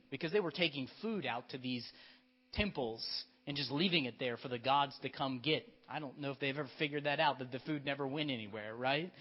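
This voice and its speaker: A male pastor preaching a sermon, telling the story in a lively way and directing children in a skit. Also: medium pitch, brisk. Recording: dull lo-fi church recording.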